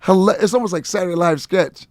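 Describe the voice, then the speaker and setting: A man's voice: sits high, quick pace, no echo, studio quality. A middle-aged man, a comedian guest, telling stories in a casual interview and acting out every quote with laughter.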